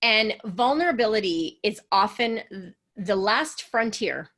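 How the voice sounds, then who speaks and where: A woman's voice: medium pitch, animated, a little slow, fairly bright tone. A woman relationship coach leading an online coaching session, earnest and encouraging, sometimes acting out the voices of people she describes.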